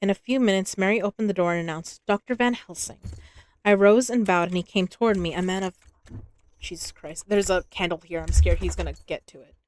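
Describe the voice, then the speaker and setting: A woman's voice: lowish voice, steady tone, fast talker, slight background noise. Chatty woman reading a novel aloud. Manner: chatty, swears, laughs, talks to her pets. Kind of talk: casual reading and chat.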